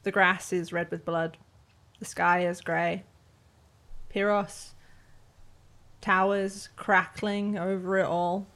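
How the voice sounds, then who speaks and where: Slow, dramatic woman game master. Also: on the low side, level tone, fairly bright tone. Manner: dramatic, measured storytelling. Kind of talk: narrating a tabletop game.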